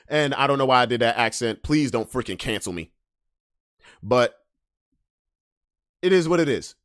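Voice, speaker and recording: A man hosting a podcast, ranting casually, swinging from loud emphasis to low mutters. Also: expressive, moderate pace, long pauses, dry recording, studio quality. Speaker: podcast host. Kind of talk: casual monologue rant.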